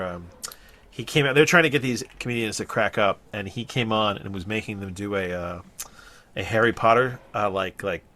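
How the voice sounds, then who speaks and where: A man's voice: fairly low pitch, bright, forceful tone. A middle-aged man from New Jersey, co-hosting a podcast in casual, rambling chat, often restarting sentences and laughing. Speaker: podcast co-host.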